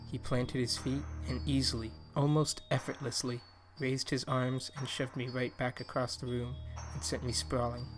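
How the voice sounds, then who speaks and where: A man narrating a horror story in a measured, steady storytelling delivery. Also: mid-range voice.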